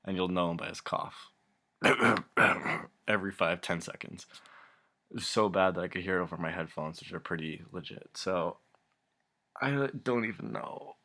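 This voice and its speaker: Young dude venting, low voice but kinda sharp and bright, rambly, cussing, cracking up. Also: male voice, normal speed. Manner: exasperated, rambling, swears a lot, laughs often. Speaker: vlogger. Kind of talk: casual rant to camera.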